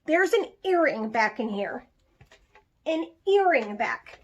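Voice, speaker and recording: Woman vlogger, young adult, high-pitched and chatty, reviewing products casually. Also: slow, lo-fi sound. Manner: chatty and animated, with laughs.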